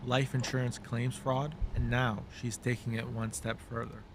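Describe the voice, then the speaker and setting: A man reading scripted documentary narration in a measured, explanatory way. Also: mid-range voice, flat delivery, noisy background.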